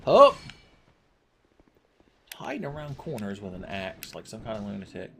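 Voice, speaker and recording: A man's voice: lowish voice, animated, brisk, vocal fry, a little hiss or hum. A man commentating his video game play with crude, sarcastic jokes. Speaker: gaming channel host.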